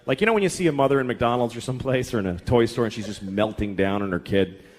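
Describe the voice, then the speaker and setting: A man's voice: medium pitch, fast talker. A middle-aged man doing a stand-up comedy set, ranting in an exasperated way and acting out the people in his stories, with audience laughter behind him. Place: comedy stage before a live audience. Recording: faint crowd and noise of a live show.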